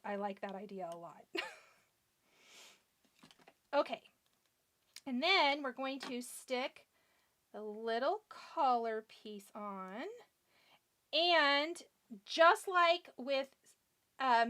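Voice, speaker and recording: A woman's voice: high voice, fairly bright tone. A woman hosting a live craft tutorial, chatting about her steps, teasing herself over small slips and answering viewer comments. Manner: chatty and self-deprecating, talking to herself as she works. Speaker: crafting livestream host.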